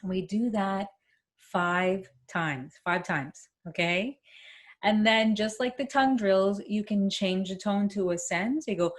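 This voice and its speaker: A woman presenting a workshop, demonstrating a vocal warm-up with hums and chants and encouraging her listeners. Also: mid-range voice, slow pace. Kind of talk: instructional workshop talk. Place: home, speaking to camera.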